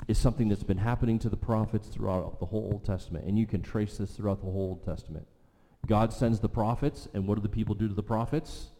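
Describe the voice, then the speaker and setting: Preacher man with a low, mellow voice. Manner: emphatic, repeats key lines for weight. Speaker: pastor. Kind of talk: sermon. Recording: long reverb of a large hall.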